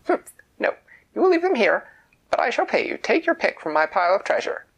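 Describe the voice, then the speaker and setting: A man's voice: high voice, sing-song, brisk, gravelly, fairly bright tone, voice pushed up, exaggerated voice. A man voicing a haughty, imperious small female leprechaun queen in a storybook tale, huffy and commanding. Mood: demanding.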